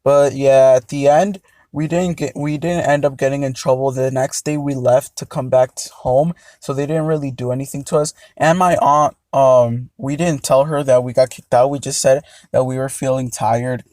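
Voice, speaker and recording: Young guy, casual storytime, rambling with lots of ums, mellow tone, dry close sound. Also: medium pitch, fairly even intonation, moderate pace, hardly any pauses, no echo. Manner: rambling, hesitant, many fillers. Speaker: vlogger.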